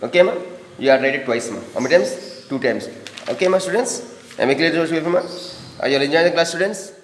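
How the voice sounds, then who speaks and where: A man's voice: a little high, animated, fast, slight background noise. Male teacher, echoey room. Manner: repetitive, addresses students as "ma". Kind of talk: classroom grammar lesson. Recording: echoey room with long reverb.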